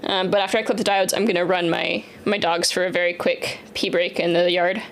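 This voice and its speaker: A woman in her thirties chatting casually on a live stream as she works, often turning to coo at her dogs in a higher, sing-song voice. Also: fairly even intonation, a little fast, a little hiss or hum. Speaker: livestreamer building a keyboard.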